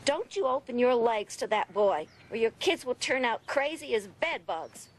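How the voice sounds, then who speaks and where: A woman's voice: on the high side, animated, normal speed. A frail, confused old grandmother. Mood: scolding. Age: older. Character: frail confused elderly grandmother, devout, fretful. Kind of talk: television drama acting.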